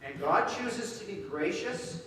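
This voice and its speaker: A man preaching a sermon in an animated way, acting out quoted voices. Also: sits high, unhurried, slight background noise. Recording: echoey hall from far off.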